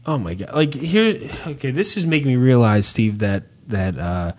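A man's voice: medium pitch, animated, normal speed, a little mellow. A man hosting a casual chat, swearing freely and rambling through a story, with many hesitations and restarts. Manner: hesitant, repeats himself. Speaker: podcast host.

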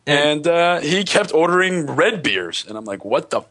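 A man's voice: fairly high pitch, big pitch swings, moderate pace, fairly bright tone. A young man co-hosting a podcast in casual chat, wry and teasing. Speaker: podcast co-host.

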